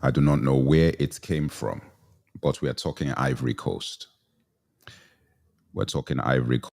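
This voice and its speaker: A man's voice: extremely low pitch, fairly even intonation, normal speed, creaky, a little mellow. A middle-aged man hosting a live commentary stream, greeting viewers by name and repeating his phrases, a little congested from sneezing. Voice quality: repetitive, says phrases twice. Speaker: live show host.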